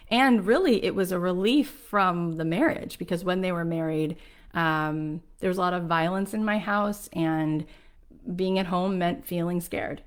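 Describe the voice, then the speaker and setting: A woman in her forties speaks in a lowish voice, addressing a live audience as a motivational speaker. She is candid and emphatic and often pauses on "um". She comes from South Florida. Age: 40s. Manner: candid and emphatic, with frequent "um" fillers.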